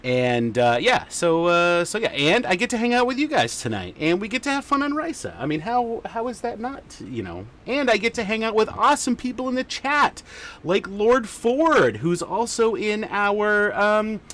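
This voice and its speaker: A man's voice: high voice, big pitch swings, normal speed, a bit bright. A man hosting a casual livestream chat, rambling along with lots of fillers. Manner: rambling and chatty, many fillers. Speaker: podcast host.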